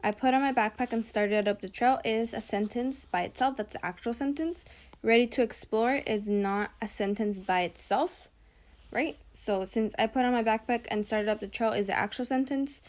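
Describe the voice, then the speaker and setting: A young woman talks through a grammar lesson in a relaxed, conversational way. She goes over each point more than once and keeps checking in with her listeners. Her voice sits at a medium pitch for a woman. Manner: chatty, repeats points, frequent "right?" checks. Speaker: tutor. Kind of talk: casual explanatory lesson.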